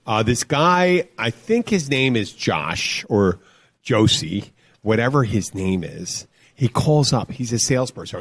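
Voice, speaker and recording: A man hosting a podcast in casual chat, easygoing and quick to laugh. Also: mid-range voice, sing-song. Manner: easygoing, quick to laugh, short agreeing replies. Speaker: podcast host.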